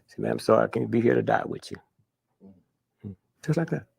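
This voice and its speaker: An older man, telling stories in an interview with a blunt, profane manner and a husky, gravelly voice. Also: fairly low pitch, moderate pace, darkish tone. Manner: blunt, profane, punctuating with "huh?". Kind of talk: candid storytelling interview.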